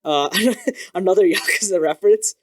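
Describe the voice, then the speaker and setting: A man reviewing manga in a casual vlog, animated and excitable, swearing freely as he talks. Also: high voice, normal speed. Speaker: video creator reviewing manga.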